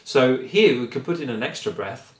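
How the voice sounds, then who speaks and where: A man giving a singing lesson, explaining calmly and encouragingly, step by step. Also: mid-range voice, moderate pace, reverberant. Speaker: singing teacher. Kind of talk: vocal lesson.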